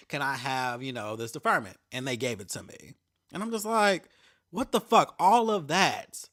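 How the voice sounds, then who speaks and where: A man's voice: medium pitch, bright, forceful tone. A young adult man hosting a podcast, telling a story in a casual, profane rant and mocking the people he quotes. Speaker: podcast host.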